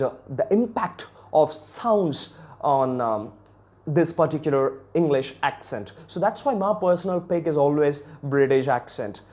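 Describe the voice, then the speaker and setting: Mellow Indian man teaching accents. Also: fairly high pitch. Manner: chatty, addresses viewers, frequent fillers. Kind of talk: casual video lesson.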